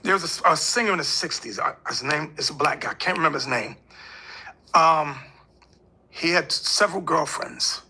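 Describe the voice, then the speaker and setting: A man's voice: a little high, pushed and bright, breathy edge. A man speaking as a religious leader in an interview, emphatic and preachy, often acting out quoted voices. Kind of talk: interview talk.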